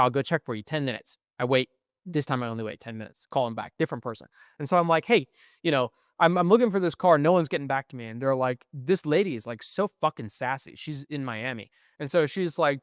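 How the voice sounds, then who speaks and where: A young man in casual podcast chat, telling a story with plenty of swearing and animation. His voice comes through smooth and resonant. The room sounds dead and dry around him. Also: on the high side, fairly bright tone, no room sound. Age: young adult. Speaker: podcast co-host.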